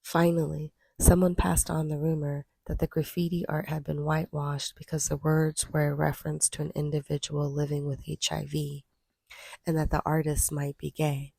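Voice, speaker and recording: A woman reading a nonfiction book aloud in a measured, even way. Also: deep voice, vocal fry, slightly rough, no echo. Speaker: audiobook reader.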